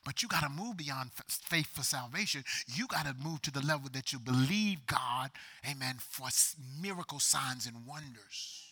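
Bright-voiced preacher, soft to roaring. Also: male voice, mid-range voice, lively intonation, moderate pace, husky. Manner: preaching, swings from soft whispers to loud climaxes. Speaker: pastor. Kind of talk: sermon.

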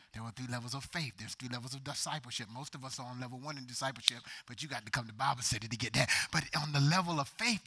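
Bright-voiced preacher, soft to roaring. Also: male voice, medium pitch, husky. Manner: preaching, swings from soft whispers to loud climaxes. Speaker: pastor. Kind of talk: sermon.

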